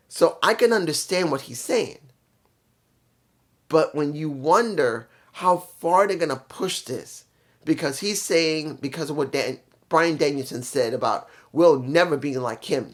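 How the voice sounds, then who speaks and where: A man giving a casual solo review of a wrestling show, rambling and often stopping to correct himself. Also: a little high. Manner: rambling, self-correcting, candid.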